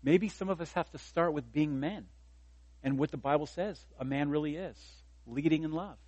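A man in his fifties preaching a sermon, chatty, then lifting his voice to drive a point home. His voice sits a little high, and the sound is dry and close with no room echo. He tells stories on himself with easy humor. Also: moderate pace, a little mellow, breathy edge. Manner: conversational preaching, rising for emphasis, self-deprecating humor. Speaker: pastor.

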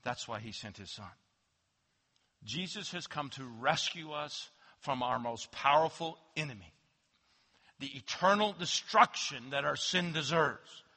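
A man preaching a sermon as pastor, swinging from loud emphatic declarations to hushed low asides. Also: animated, unhurried, husky. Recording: long hall reverb.

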